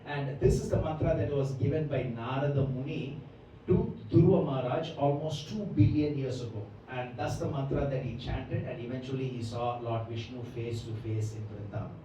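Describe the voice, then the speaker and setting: A man with a warm, medium-pitched, steady voice delivers a Bhagavatam lecture at normal speed, explaining scripture in depth and regularly checking in with his audience by asking "right?". There's a little hiss or hum, and the far-off mic picks up an echoey hall.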